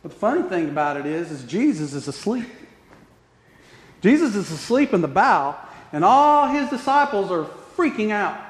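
Male preacher, high-pitched, impassioned delivery that dips to near-whispers, roomy reverberant hall. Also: big pitch swings, moderate pace. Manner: passionate, swings between loud emphasis and hushed tones. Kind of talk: sermon. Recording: echoey hall.

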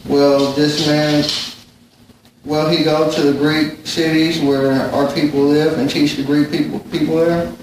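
A man in a Bible study group reading a scripture passage aloud in a steady, plain way with small stumbles. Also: on the high side, measured pace, slight background noise. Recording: very echoey room, distant mic, faint ambience.

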